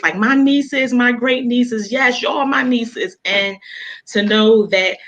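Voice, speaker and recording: A woman's voice: mid-range voice, fairly bright tone, poor audio. A woman author talking casually as an interview guest, telling emotional personal stories with many fillers and restarts.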